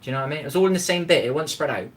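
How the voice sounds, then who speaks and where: A man's voice: fairly high pitch, lively intonation, racing, slight background noise. A man hosting a casual live cooking stream from his home kitchen, sitting on a chair. He rambles, greets viewers by name and swears freely. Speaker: livestream cooking host.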